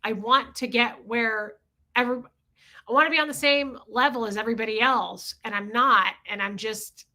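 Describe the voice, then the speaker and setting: A woman's voice: fairly high pitch, moderate pace, bright, forceful tone. A woman in her forties hosting a livestream, talking candidly and confessionally while greeting viewers in the chat, with casual swearing. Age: 40s. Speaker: livestream host reading chat.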